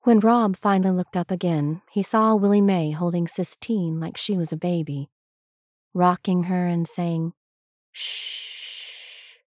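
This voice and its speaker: A woman reading a story aloud as scripted narration, slow and even. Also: fairly low pitch, no room sound, clean studio sound. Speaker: reader.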